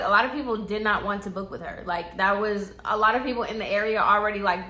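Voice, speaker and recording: A woman telling a casual story to camera, chatty and animated, peppering her speech with "like" and acting out quotes. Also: mid-range voice. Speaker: storytime vlogger. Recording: echoey room.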